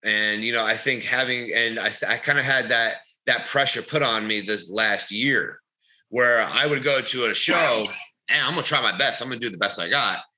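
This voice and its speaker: A man co-hosting a casual podcast, telling rambling, animated stories and swearing. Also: medium pitch, normal speed, low-quality recording. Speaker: podcast co-host, bodybuilder. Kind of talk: casual podcast chat, storytelling.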